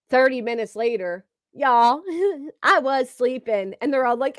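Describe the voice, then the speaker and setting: A woman's voice: on the high side, measured pace, a bit bright, dry recording, studio quality. A woman streamer giving blunt, sarcastic, profane gossip commentary while reading her chat, on a desk microphone. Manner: blunt, sarcastic, heavy cursing. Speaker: livestream commentator. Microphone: streaming desk mic.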